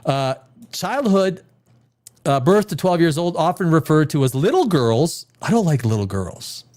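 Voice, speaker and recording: Man, live-stream host, casual rambling chat, sarcastic, swears, somewhat high pitch, very lively intonation. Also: measured pace. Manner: rambling, sarcastic, swears, mocks in put-on voices. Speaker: podcast host. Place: home room, sitting at a desk chair.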